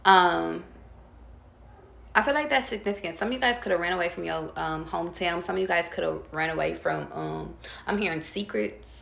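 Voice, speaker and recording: Tarot reader, woman, calm and drawn-out delivery, low gravelly voice. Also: reverberant. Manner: calm, drawn-out, talks straight to viewers. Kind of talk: casual tarot reading.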